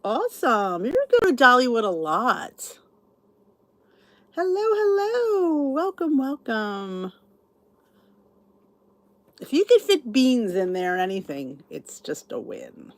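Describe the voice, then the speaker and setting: A woman's voice: medium pitch, sing-song, normal speed, few pauses, fairly bright tone, no echo. A middle-aged woman hosting a casual livestream chat, greeting viewers and reading their comments aloud. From New Jersey, US. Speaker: channel host.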